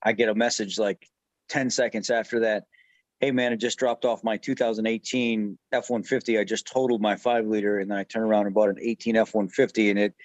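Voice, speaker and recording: A man's voice: on the low side, level tone, a little fast, dry recording. A man hosting a casual truck talk show, telling stories in an easygoing way. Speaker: host of a truck repair channel.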